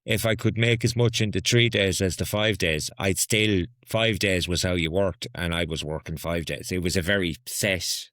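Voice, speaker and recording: An Irish man in his forties talks with friends, laying out his view and pressing his points home. His voice sits very low. The sound is dry and close. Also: fairly even intonation, normal speed, hardly any pauses, fairly bright tone, no echo. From Ireland. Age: 40s. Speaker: podcast co-host. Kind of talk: casual chat among friends.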